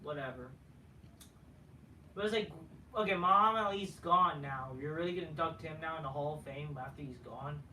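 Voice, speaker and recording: A man's voice: a little high, a little fast, bright, forceful tone. A man giving a casual ranting review of a wrestling show, profane, dismissive and rambling. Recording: roomy, faint noise, from a distance.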